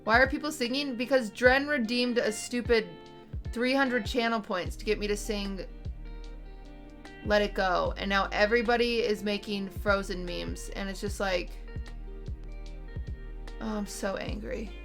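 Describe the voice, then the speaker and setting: A woman's voice: mid-range voice, normal speed, fairly bright tone, soft background music. A woman livestreamer chatting with her audience from home at night, blunt and exasperated, swearing freely. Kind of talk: casual chat to a stream audience. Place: home at night, roommates nearby.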